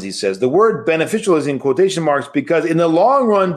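Male priest, livestream lecture, slightly raised pitch, conversational, emphatic, asks rhetorical questions. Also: sing-song, a little fast, hardly any pauses.

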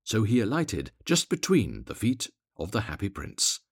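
A man reading a fairy tale aloud, expressive and gently dramatic. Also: on the low side, moderate pace, creaky, husky, no room sound, clean studio sound. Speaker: narrator.

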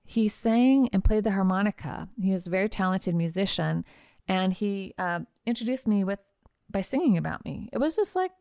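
A woman hosting a podcast, telling a personal travel story in a chatty, animated way with casual fillers. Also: mid-range voice, normal speed, no echo, studio quality. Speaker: podcast host and trial lawyer.

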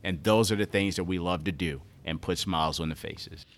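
Earnest low-voiced man telling stories. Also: brisk. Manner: earnest, animated storyteller. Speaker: nonprofit CEO and guest. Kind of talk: conversational storytelling.

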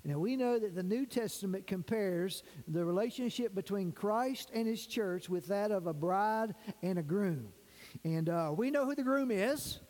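A man's voice: high-pitched, animated, darkish tone. A man preaching a sermon as pastor, reading scripture and stretching out key words for emphasis. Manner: preaching with emphatic, drawn-out stresses. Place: church sanctuary. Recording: reverberant church hall.

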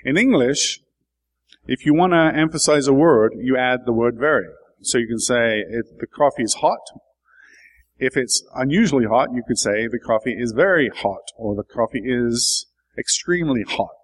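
A man preaching a sermon and explaining his text in a reflective teaching manner. His voice sits at an ordinary middle pitch, and he rises into emphatic, lifted stretches before settling back down. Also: normal speed, low-quality recording. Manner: thoughtful, explanatory, builds to emphatic bursts.

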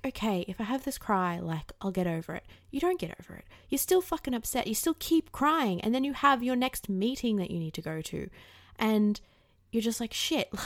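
A young woman hosts her own podcast in a loose, chatty monologue. She swears freely and scatters fillers through her talk, and her pitch sits in the middle. The recording is dry and close. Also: a little mellow, no room sound. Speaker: podcast host. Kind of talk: casual monologue.

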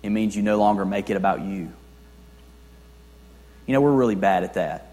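A young man preaching a sermon as a pastor, talking conversationally with rhetorical questions and swinging between soft and loud. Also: lowish voice, lively intonation, moderate pace. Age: young adult. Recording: long reverb of a large hall.

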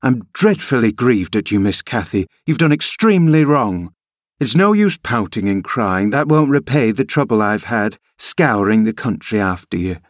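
A man's voice: lowish voice, big pitch swings, moderate pace, no echo, studio quality. A man reading an audiobook, voicing a stern female housekeeper who scolds in a raised tone. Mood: scolding.

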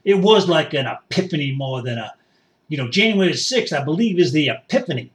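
A man playing an excitable, folksy rural rioter who rambles and boasts as a guest in a satirical mock interview. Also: a little high, a little fast, far from the mic, natural voice. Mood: fired up.

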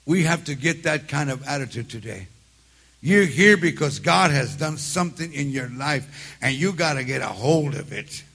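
A man in his seventies preaching a sermon, telling his own stories in a streetwise way and building up to shouted exhortation. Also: a little high, big pitch swings, moderate pace, creaky. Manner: streetwise, repeats words at restarts.

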